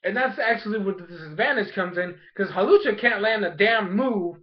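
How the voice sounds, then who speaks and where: A young man with a fairly high voice talks through an episode recap in a loose, rambling way, slipping into the characters' lines as he goes. The recording sounds dull and lo-fi. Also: a little fast. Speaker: anime episode reviewer. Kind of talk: casual spoken review.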